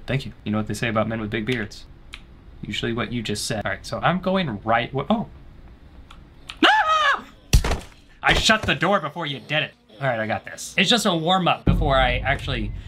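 A young man commenting on a horror game as he plays, teasing the characters, joking and letting out panicked yelps. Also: mid-range voice. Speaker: gaming streamer. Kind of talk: let's-play commentary. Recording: loud game music behind.

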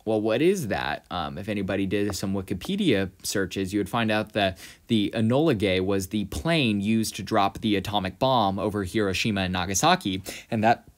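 A man's voice: fairly low pitch, animated, moderate pace, few pauses. A man giving a close-reading lesson on a novel, thinking aloud with many fillers and talking to viewers as guys. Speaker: literature analyst.

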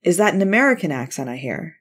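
A woman's voice: fairly low pitch, very animated, fast, a bit bright, breathy edge, full character voice. A woman voicing an easygoing teenage boy surfer. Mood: friendly. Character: friendly teenage South African boy surfer.

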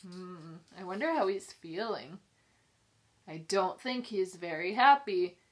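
A woman pre-K teacher reading a picture book aloud to young children, sing-song and expressive, pausing to ask them questions. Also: on the low side. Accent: New York. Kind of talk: children's storybook read-aloud.

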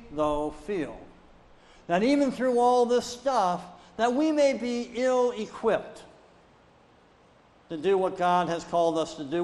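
A male pastor preaching a sermon in a church, with a lively delivery that swings up into loud rhetorical questions. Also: very high voice. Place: church sanctuary. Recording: long reverb of a church sanctuary.

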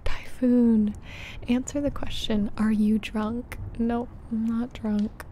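Young woman asmr streamer, whispery and slow, a bit higher voice, soft mellow tone. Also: level tone, slight background noise. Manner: hushed, half-whispered, reading chat names aloud. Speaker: ASMR livestream host. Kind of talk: soft-spoken ASMR livestream chat.

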